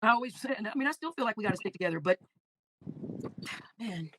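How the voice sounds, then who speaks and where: A woman hosts a casual livestream at a quick clip, reacting to viewer comments. She talks with feeling, stumbling and repeating words as she goes, in a dry, close sound. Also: mid-range voice, expressive, fairly bright tone, no room sound. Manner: emotional, halting, repeats words. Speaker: livestream host.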